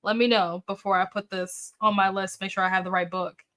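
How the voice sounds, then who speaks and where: A woman's voice: mid-range voice, little pitch movement, fairly quick, sharp tone. A woman hosting a casual book livestream, chatting with viewers, reacting to their comments with upbeat oohs and okays and thinking aloud with fillers. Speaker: booktube livestream host. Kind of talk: casual live chat with viewers.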